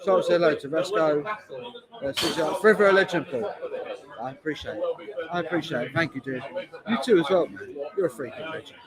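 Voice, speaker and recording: A beer vlogger from Hertfordshire, England, with a London accent, streams live from a busy bar taproom, chatting casually, reading viewers' comments aloud and often repeating himself. His voice is on the high side and a little fast, and the low-quality recording carries a loud crowd chattering behind him.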